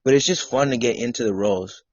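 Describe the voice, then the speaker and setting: A man's voice: medium pitch, fast talker, lo-fi sound. Blunt, swearing male podcast host. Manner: blunt, profane, joking. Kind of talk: casual chat.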